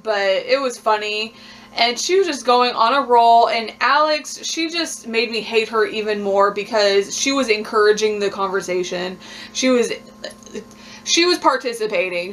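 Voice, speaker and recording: A woman's voice: a little high, fairly bright tone, a little hiss or hum. A young woman, recapping a reality show in a blunt, sassy, laughing way. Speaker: vlogger.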